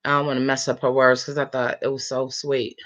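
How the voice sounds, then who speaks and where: A woman of about fifty chatting late at night, telling a long story time in an animated, rambling way with lots of fillers. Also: a bass voice, brisk. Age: 50s. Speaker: vlogger.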